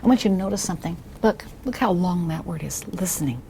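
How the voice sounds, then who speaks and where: A woman demonstrating a reading lesson with a young child, speaking slowly and encouragingly, often softly or in a whisper. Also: fairly low pitch, lively intonation, gravelly, slight background noise. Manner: patient, slow, encouraging, drops to soft whispers. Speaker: reading tutor trainer.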